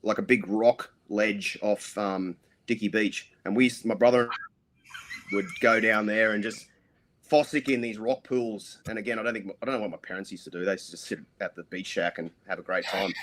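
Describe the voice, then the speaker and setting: A man's voice: fairly low pitch, steady tone, moderate pace, a bit bright. A middle-aged Australian man, a podcast guest, telling rambling stories full of ums and restarts. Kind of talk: casual interview storytelling.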